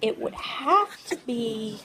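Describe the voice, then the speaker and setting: A woman's voice: a little high, very animated, takes it slowly, bright, forceful tone, faint music behind, low-quality recording. A woman vlogger musing aloud in a casual, jokey monologue, rambling and trailing off as she thinks.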